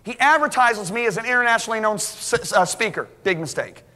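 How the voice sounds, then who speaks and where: A middle-aged man preaching a sermon as a lively story, acting out the dialogue. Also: high-pitched, quick pace. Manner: animated, acts out dialogue, restarts. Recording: hall reverb.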